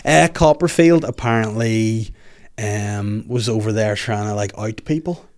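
A man's voice: on the low side, measured pace, a little mellow. A young man hosting a podcast, rambling in a joking, casual chat with lots of restarts and asides. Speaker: podcast host.

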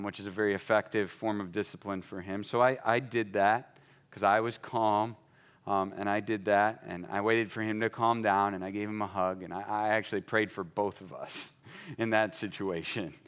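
A man's voice: fairly low pitch, fairly bright tone. A pastor telling a story about his son in a conversational sermon, acting out the dialogue between them.

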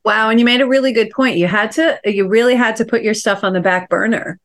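A woman's voice: on the high side, steady tone, fast talker. A woman hosting a coaching chat, encouraging and guiding listeners through exercises. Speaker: host and success coach.

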